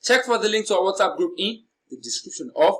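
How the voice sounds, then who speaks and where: Slow, deliberate male exam tutor. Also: high-pitched, very animated, poor audio. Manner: slow, deliberate, repeats and stretches stressed syllables.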